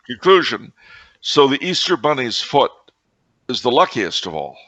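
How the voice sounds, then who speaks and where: A man co-hosting a podcast, telling absurd stories with deadpan, mock-logical seriousness in casual comedic chat. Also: medium pitch, measured pace, dry recording, lo-fi sound. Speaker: podcast co-host.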